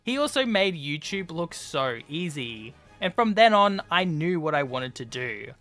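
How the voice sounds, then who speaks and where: A young man narrates his gameplay video in a loose, chatty way, dropping in plenty of casual fillers. His voice sits a little high and sounds bright and forceful. Soft music plays quietly underneath. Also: big pitch swings, unhurried. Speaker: YouTuber.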